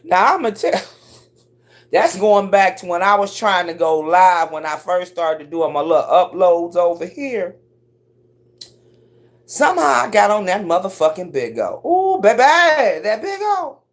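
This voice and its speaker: A middle-aged woman telling stories on a casual livestream, cursing freely and leaping up in pitch when she acts out what people said. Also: a little slow. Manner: profane, animated storyteller who swoops up high for quoted voices. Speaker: live streamer.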